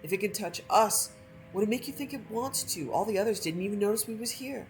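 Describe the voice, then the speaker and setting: A woman voicing a calm, matter-of-fact male adventurer who reassures and teases his companion while reading a game story aloud. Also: mid-range voice, a little fast, soft background music, pitched above the performer's own voice, lightly acted, low-quality recording. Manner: dry, reassuring, slightly teasing.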